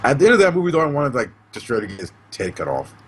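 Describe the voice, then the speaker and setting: A man's voice: medium pitch, wildly swooping pitch, very fast, slight background noise. A man co-hosting a podcast in casual chat, asking lots of questions and laughing often. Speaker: podcast co-host.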